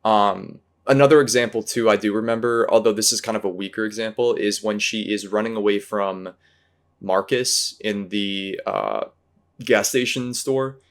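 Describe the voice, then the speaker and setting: A man's voice: lowish voice, fairly even intonation, normal speed. A man hosting a casual movie discussion, rambling and hesitant, full of fillers and restarts. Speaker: podcast host.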